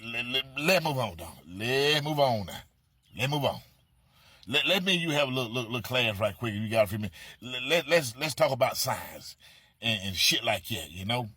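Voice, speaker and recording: A middle-aged man rants in a mocking, profane comedy monologue, repeating himself as he presses his point. His voice is bright and forceful with a husky edge. The sound is dry and close. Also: mid-range voice, expressive, normal speed, no echo. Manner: brash, mocking, heavy on repetition and cursing. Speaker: comedic storyteller. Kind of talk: profane comedic monologue addressed to an absent person.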